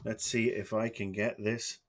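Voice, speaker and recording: A man's voice: lowish voice, flat delivery, a little slow. A middle-aged man streaming live, chatting casually in a meandering, profane, self-deprecating way. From Wales.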